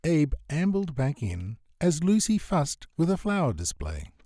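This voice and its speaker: Male audiobook narrator, animated comic read, close dry sound. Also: fairly high pitch, unhurried, dry recording. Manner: lively comic storytelling. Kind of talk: scripted narration.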